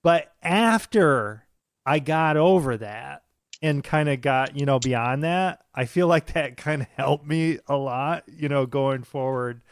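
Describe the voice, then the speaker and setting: A man's voice: medium pitch, slow, clean tone, no echo. Profane storytelling man, dry sound. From United States. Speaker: podcast co-host. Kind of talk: casual chat.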